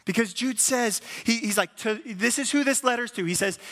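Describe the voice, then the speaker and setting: Male pastor, sermon delivery, bright and forceful tone, animated storyteller acting out quotes, playful self-deprecating asides, live hall reverb. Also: very high-pitched, normal speed.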